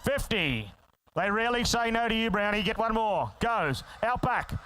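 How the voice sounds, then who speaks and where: A man working as an auctioneer, rattling off bids in a fast chant with quick asides to the bidders in a sale ring. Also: high-pitched, big pitch swings, bright, forceful tone, slight background noise, rough recording.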